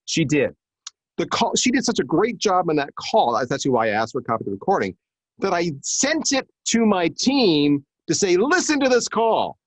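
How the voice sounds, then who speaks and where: A man's voice: fairly high pitch, moderate pace, dry recording. A middle-aged man, a marketing executive guest on a live podcast, telling anecdotes and acting out the quotes in different voices. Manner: animated storyteller who acts out quotes. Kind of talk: conversational storytelling on a live podcast.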